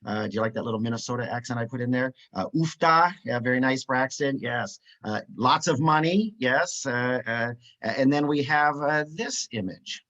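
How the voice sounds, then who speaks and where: A man leads a live webinar in an upbeat, chatty way, sprinkling his talk with filler sounds as he reads out replies. His voice sits at a middling pitch. The call audio comes through dull and lo-fi. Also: normal speed, fairly bright tone. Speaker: webinar presenter.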